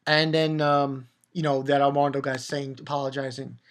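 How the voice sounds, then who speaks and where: A man talks through a manga chapter in a loose, rambling way. His voice sits at a middling pitch. He chuckles along and pops up into higher voices when he quotes characters. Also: flat delivery, moderate pace. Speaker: manga reviewer. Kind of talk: casual chapter review.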